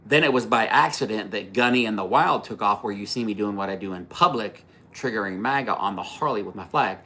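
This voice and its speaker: Rambling, profane man with a bright voice. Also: fairly low pitch, fairly quick. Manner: rambling, profane, many fillers and restarts. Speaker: livestream host. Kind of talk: casual livestream storytelling.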